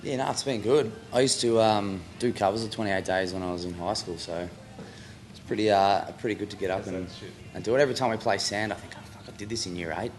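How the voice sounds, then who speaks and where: A man's voice: fairly low pitch, brisk, noisy background. A young man in his twenties with an Australian accent, a drummer talking casually and modestly. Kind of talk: casual chat.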